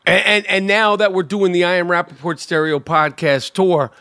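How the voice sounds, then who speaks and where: A man's voice: high-pitched, fairly even intonation, normal speed, pushed and bright, no room sound, studio quality. A man co-hosting a podcast in casual chat, profane and full of stumbling restarts. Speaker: podcast co-host.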